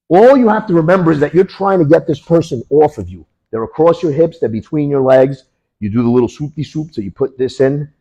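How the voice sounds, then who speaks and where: A man teaching a martial arts class, walking students through moves and punctuating each strike with sounds like boom and bang. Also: mellow, slightly rough, dull audio. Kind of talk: hands-on demonstration to a class.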